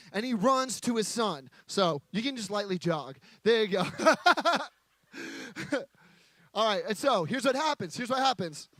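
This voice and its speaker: A man's voice: high-pitched, a bit bright, no room sound. A man preaching a sermon from a stage, joking with a live audience in a playful, chatty manner.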